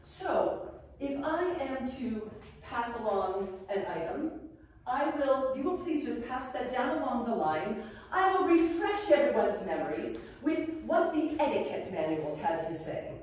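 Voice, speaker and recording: A woman plays a colonial-style headmistress, guiding a class through bows and dance steps with genteel, prim instruction and a playful streak. Her voice is fairly high and swoops around a lot. She is heard from a distant camera in a very echoey room with a faint hum behind her. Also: very animated, measured pace, a little mellow. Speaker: costumed interpretive guide playing an academy headmistress. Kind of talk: in-character living-history lesson. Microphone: far camera. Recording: echoey room, voice far from the mic.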